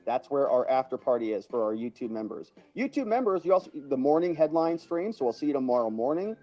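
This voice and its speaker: A man's voice: medium pitch, sing-song, fast, dark tone. A man hosting a casual livestream, chatty and chuckling as he thanks viewers by name and reacts to their comments. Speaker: livestream host.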